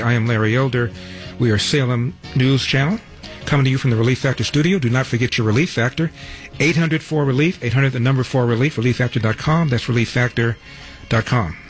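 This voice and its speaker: A man's voice: mid-range voice, fairly quick. A brash man hosting talk radio in a mid-range voice, firing off quips and phone numbers. Faint music sits under his studio mic. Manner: brash, wisecracking, self-mocking titles. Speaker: radio talk show host.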